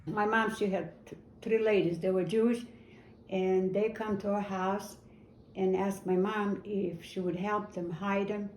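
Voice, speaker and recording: A woman in her eighties telling a personal memory in a halting way, repeating words and restarting sentences as she goes. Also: medium pitch, steady tone, darkish tone. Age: 80s. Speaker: interviewee. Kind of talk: personal war memory storytelling. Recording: roomy echo, faint ambient noise.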